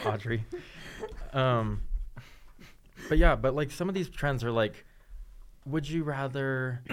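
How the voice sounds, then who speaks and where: Deadpan young man, mid voice. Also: medium pitch. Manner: deadpan, full of "like" fillers. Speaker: podcast co-host. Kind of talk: casual chat.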